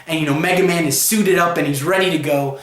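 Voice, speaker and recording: A man's voice: on the high side, steady tone, fast, fairly bright tone, echoey room. A man giving a casual spoken comic book review, rambling through the plot with lots of "you know" and "he's like".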